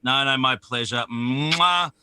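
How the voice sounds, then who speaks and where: A man's voice: mid-range voice, a little fast, pushed and bright. A man signing off from a live stream, enthusiastic and repeating his encouragement. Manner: enthusiastic and repetitive. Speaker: departing guest. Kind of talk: casual stream sign-off.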